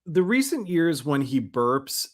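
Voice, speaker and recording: A man's voice: a little high, sing-song, takes it slowly. A man co-hosting a podcast in casual chat, making critical points with stammered restarts. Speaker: podcast co-host.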